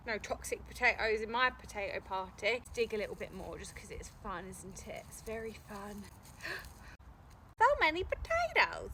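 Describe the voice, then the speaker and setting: A woman chatting casually in a garden vlog, excitable and gasping and exclaiming at each new find, recorded outdoors in a garden. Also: mid-range voice, a little fast, a little hiss or hum. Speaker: gardening vlogger.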